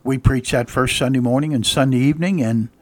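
A man's voice: medium pitch, steady tone, fairly quick, darkish tone. A male pastor preaching a radio sermon, reading old-style scripture and rising to emphatic exclamations.

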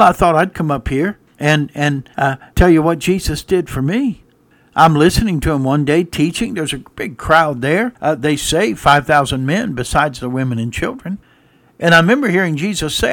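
A man delivers a storytelling sermon, speaking as one witness after another. His voice sits a little high and swings between bursts of loudness and hushed asides. The recording is dry and close. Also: gravelly, no room sound. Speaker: preacher. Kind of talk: dramatic sermon with character monologues.

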